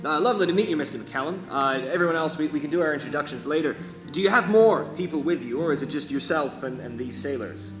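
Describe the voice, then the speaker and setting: A man voicing a polite gentleman rider in a tabletop game, courteous and hesitant with many fillers. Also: a little high, quick pace, few pauses, reverberant, music in the background, close to an everyday voice.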